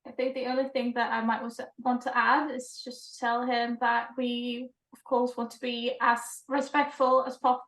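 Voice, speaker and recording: A woman's voice: a little high, level tone, moderate pace, hardly any pauses, a bit bright, reverberant, poor audio. A woman playing in a tabletop role-playing game, speaking politely and thoughtfully in long, winding sentences. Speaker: player. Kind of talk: casual tabletop game play.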